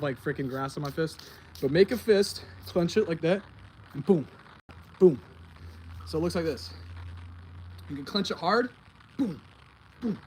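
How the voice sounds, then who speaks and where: A young man livestreams his baseball workout outdoors on grass, breathless and talking in a laid-back, slangy way. His voice is a little high and fairly bright, with slight background noise behind it.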